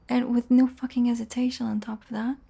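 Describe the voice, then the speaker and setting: A woman's voice: a little high, vocal fry, darkish tone, breathy edge. A young woman in a casual audio role-play, talking straight to the listener, teasing and swearing freely and often dropping into a whisper.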